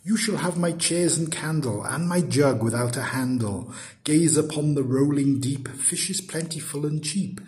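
A man's voice: on the high side, unhurried, a little mellow, voice pushed up, natural voice. A man voicing a lonely little male nonsense creature with a big head, in a raised, pleading, sing-song voice. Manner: sing-song verse recital.

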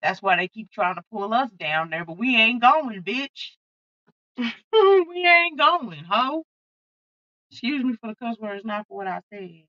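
Bright, profane tarot-reading woman. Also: medium pitch, normal speed, hardly any pauses, no room sound, dull audio. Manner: blunt, profane, fired-up channeling. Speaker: tarot card reader. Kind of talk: casual tarot reading to viewers.

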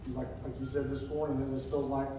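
A sixty-year-old man, giving a halting personal testimony in church, near tears and full of pauses. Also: mid-range voice, flat delivery, background noise. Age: 60s. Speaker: church member announcing a calling. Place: church sanctuary. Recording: echoey church, distant mic.

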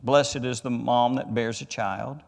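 A man, a pastor, teaching a Bible study sermon, reading scripture deliberately and rising in emphasis on key words. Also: medium pitch, fairly even intonation, gravelly, long reverb tail. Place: church sanctuary.

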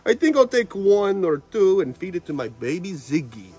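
A man's voice: sits high, sing-song, moderate pace, a little mellow, soft background music, pitched above the performer's own voice. A man hamming up a cackling fanged vampire lord. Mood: hammy. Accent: put-on vampire accent. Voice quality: theatrical, cackling, hammy. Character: campy fanged male vampire lord, playful. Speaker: wildlife ranch owner. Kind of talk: comedic in-character vlog. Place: outdoors on a ranch.

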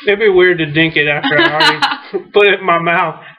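A man, a softball coach, hosting a relaxed interview and joking around while eating. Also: sits high, fast talker. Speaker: softball coach, show host. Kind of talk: casual interview chat. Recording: muffled lo-fi recording.

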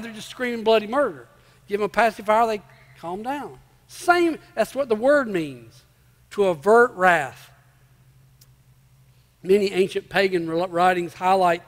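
High-voiced male pastor, reverberant church. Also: a bit bright. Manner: emphatic, repeats key phrases, asks the congregation rhetorical questions. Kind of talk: sermon. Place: church sanctuary before a congregation.

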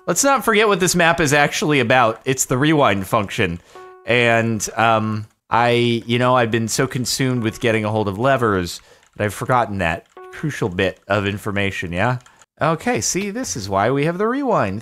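Young man, gaming commentary, lively swooping pitch, excitable, talks to himself, keyboard clatter behind. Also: normal speed. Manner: excitable, talks to himself and the game, voice jumps up when frustrated. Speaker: gaming YouTuber. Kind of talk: live Minecraft gameplay commentary.

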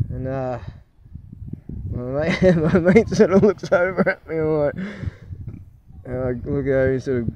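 A man's voice: on the high side, unhurried, long pauses. Rambling middle-aged man, muffled distant recording. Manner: rambling, chuckles often, many fillers and restarts. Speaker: channel host. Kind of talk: casual rambling vlog chat. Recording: muffled, distant, loud background noise.

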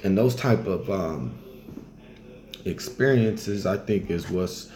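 A man casually telling travel stories in a loose, colloquial way, now and then acting out other people in high voices. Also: lively intonation, slow, pauses often, mellow. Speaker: travel storyteller. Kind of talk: casual storytelling.

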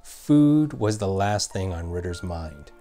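Man, storyteller, low voice, measured scripted narration, faint background music. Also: expressive, dark tone.

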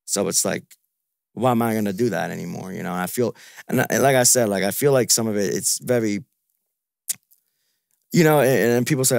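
A man's voice: fairly low pitch, brisk, vocal fry, long pauses, dry recording, studio quality. A man venting in a frustrated, repetitive, profane way in a casual podcast chat. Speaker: podcast guest.

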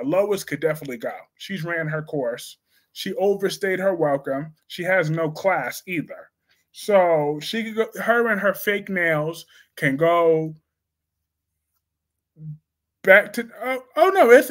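A young man with a high voice runs a live stream about soap operas, reading viewer comments out loud. He's animated and laughing, talks in loose slang, and bursts into sudden loud excitement in reaction to the chat.

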